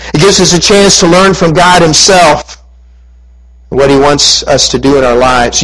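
A man preaching a sermon, retelling a scripture story and reading passages aloud with lively emphasis. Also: mid-range voice, rough recording.

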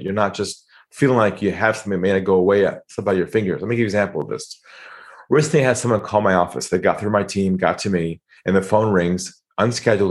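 A man with a fairly low voice talks as a guest on a podcast. He tells a sales story and acts out the phone calls in shifting voices. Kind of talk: storytelling interview talk.

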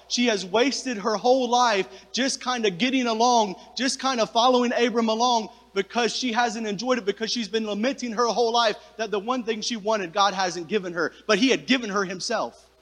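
High-voiced pastor preaching in reverberant hall. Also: male voice, brisk, a bit bright. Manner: conversational preaching, addresses the congregation directly. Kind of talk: sermon. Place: church sanctuary with a congregation.

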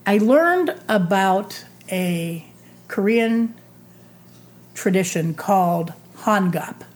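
A woman in her sixties, a retired teacher, giving a reflective talk in a thoughtful, drawn-out way. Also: mid-range voice, animated. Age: 60s. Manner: slow, thoughtful, drawn-out phrasing.

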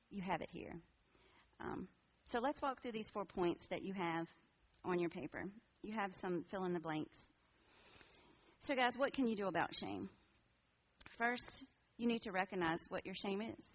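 A woman's voice: medium pitch, normal speed. A woman in her forties giving a candid, earnest personal testimony to a church group in a conversational way. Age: 40s. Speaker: women's ministry speaker. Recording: dull lo-fi recording.

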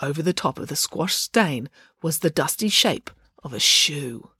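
A woman narrating a children's audiobook in an expressive storytelling manner. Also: deep voice, a little slow, husky, dry recording, studio quality. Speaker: narrator, author.

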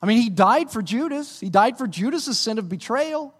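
Male pastor, high lively voice, preaching in a reverberant sanctuary. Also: moderate pace, slightly rough. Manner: animated, rises to emphatic peaks. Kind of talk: sermon.

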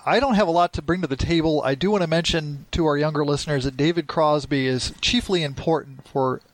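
A man from downstate Illinois co-hosts a podcast in easy, rambling chat with a wry edge. His voice sits a bit high. The close mic sounds completely dry. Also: brisk, no room sound. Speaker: podcast co-host. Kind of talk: casual chat.

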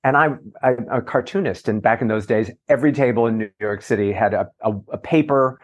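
A middle-aged man, a journalist and author, telling lively, self-mocking stories in a casual interview. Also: medium pitch, brisk. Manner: animated, self-mocking anecdotes with playful voices. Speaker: entertainment journalist and author, guest.

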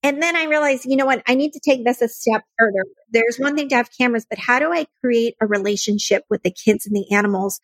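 A woman's voice: fairly high pitch, fast, hardly any pauses, dry recording. Earnest woman telling her story. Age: adult, married. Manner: earnest, emotional, animated storytelling. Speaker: nonprofit founder and guest. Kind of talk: personal storytelling in a podcast interview.

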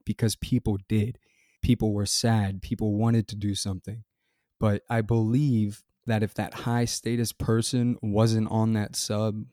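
Low, flat-voiced man giving earnest commentary. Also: no echo, clean studio sound. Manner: earnest, measured, reads news details then gives opinion. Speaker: podcast host. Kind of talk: scripted solo commentary.

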